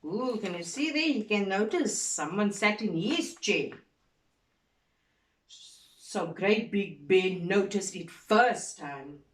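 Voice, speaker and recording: A woman teacher reading a story aloud to children, animated and expressive, pausing to quiz the class. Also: mid-range voice. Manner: animated, slow and expressive, asks the class questions. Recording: echoey room from far off.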